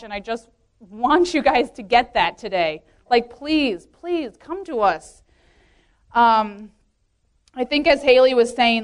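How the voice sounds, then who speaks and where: A woman's voice: fairly high pitch, clean tone. A woman in her late twenties giving a casual, earnest testimony talk, chatty, filling her speech with "like" and laughing often. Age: 20s. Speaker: youth leader speaking at a women's meeting.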